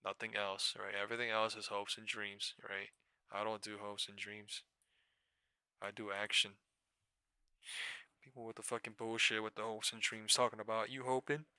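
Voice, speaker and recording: A young man hosting a live trading stream, ranting in a profane, exasperated way with sudden bursts of loudness. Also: lowish voice, little pitch movement, moderate pace, pauses often, smooth, dry recording. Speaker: stock trading livestream host.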